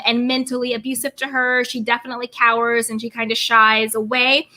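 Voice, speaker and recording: A woman's voice: fairly high pitch, pushed and bright. A woman hosting a live stream, chatting about reality TV in a bubbly way and greeting viewers by name. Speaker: YouTube host. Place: California home.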